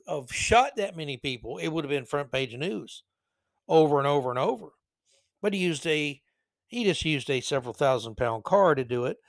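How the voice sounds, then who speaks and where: Man, podcast host, sarcastic rambling commentary, higher voice, dry sound. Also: no echo. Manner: sarcastic, rambling, self-correcting. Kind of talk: opinionated commentary monologue.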